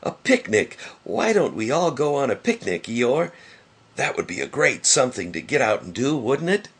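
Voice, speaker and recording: A man's voice: mid-range voice, sing-song, unhurried, creaky, fairly bright tone, husky, exaggerated voice. A man voicing a small, timid male piglet who stammers. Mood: excited.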